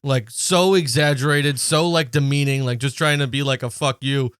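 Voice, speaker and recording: A young man co-hosting a podcast, telling stories in a deadpan, casual way and swearing freely. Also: a little high, moderate pace, few pauses, clear, resonant tone, dry recording, studio quality. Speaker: podcast co-host. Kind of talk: casual chat.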